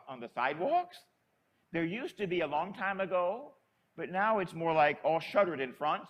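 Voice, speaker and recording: An older man and priest telling a chatty, animated story in a sermon. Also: fairly high pitch.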